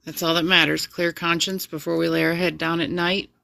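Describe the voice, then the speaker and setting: A woman's voice: lowish voice, level tone, a little fast, gravelly, bright, forceful tone, no room sound, clean studio sound. A woman co-hosting a live stream in easygoing, reassuring casual chat. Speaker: stream co-host and moderator.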